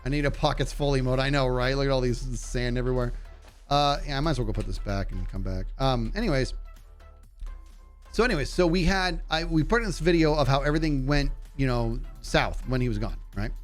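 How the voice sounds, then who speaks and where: A man's voice: medium pitch, fairly quick, faint music behind. A man with a nasal voice chatting casually on a gaming livestream, reading and answering his chat as he plays. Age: adult. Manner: chatty, reads and answers chat while playing. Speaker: streamer.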